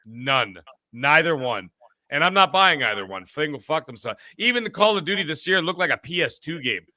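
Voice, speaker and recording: A man's voice: on the high side, sing-song, normal speed, bright, forceful tone, no room sound. A man hosting a gaming podcast, ranting in a profane, mock-boastful way. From Canada. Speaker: podcast host. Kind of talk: casual gaming podcast chat.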